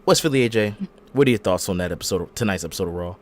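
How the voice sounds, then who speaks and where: A man hosting a podcast in casual chat, retelling events in an animated way and acting out the quotes. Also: deep voice, rapid-fire, slight background noise. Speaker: podcast host.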